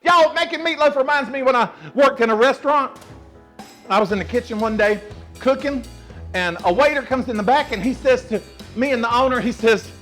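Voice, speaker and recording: A man's voice: extremely high pitch, brisk, a bit bright, faint music behind. A man in drag persona, hosting a comedic cooking show and telling sassy, salty joke stories in a kitchen. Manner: sassy, salty storytelling with laughs.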